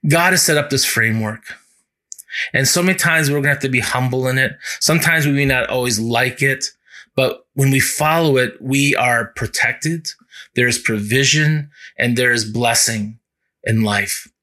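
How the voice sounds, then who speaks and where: A male pastor preaching a sermon, earnest, often slowing down to stress key words. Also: medium pitch, sharp tone.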